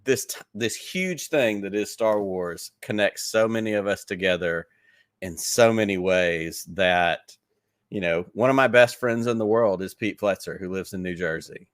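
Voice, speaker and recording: A man with a Southern US accent speaks in a low voice, recorded close and dry with no room sound. He rambles eagerly through his stories, leaning on "like" as he goes. It sounds like a relaxed podcast interview. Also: measured pace, no echo. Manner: enthusiastic rambling storyteller, many "like"s. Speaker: podcast guest. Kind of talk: casual interview chat.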